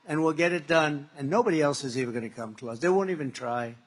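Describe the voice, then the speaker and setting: A man's voice: fairly high pitch, fairly quick, fairly bright tone, a little hiss or hum. A man speaking as a political candidate in a campaign rally speech, rambling and repetitive with emphatic stresses.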